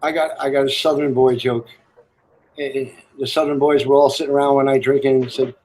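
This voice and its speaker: On a live stream, a man tells rambling, crude military stories and jokes in casual chat, laughing at his own lines. His mid-range voice is darkish and fairly quick, and the recording is low quality.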